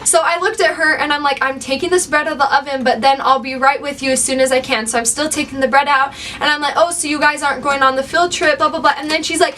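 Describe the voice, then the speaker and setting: A young woman vlogger casually telling a work story, animated and acting out what people said. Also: high-pitched, fast, hardly any pauses. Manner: animated storyteller, acts out quotes. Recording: slightly distant mic, faint background noise.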